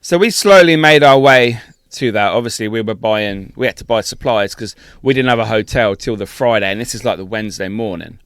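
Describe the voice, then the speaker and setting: A man co-hosting a podcast, telling a travel story in a sweary, laughing, animated way. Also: on the low side, a little fast, smooth, no room sound, clean studio sound. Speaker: podcast co-host. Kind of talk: casual storytelling chat.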